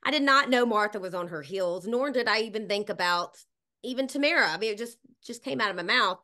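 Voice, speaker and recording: A woman in her forties talks at a middle pitch as a guest on a casual interview. She is candid and chatty, pokes fun at herself, and tells her stories without holding back. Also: lively intonation, fairly quick, pushed and bright. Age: 40s. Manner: blunt, self-mocking, chatty. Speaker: guest florist.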